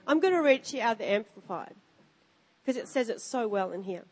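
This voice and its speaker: A middle-aged woman pastor preaches from a church stage, her voice pitched a little high and lively as she tells stories and reads scripture. The sound carries a long hall reverb, with soft music underneath. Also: fast talker, slightly rough. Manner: emphatic, animated storytelling. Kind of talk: sermon with storytelling and scripture reading. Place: church stage before a live congregation.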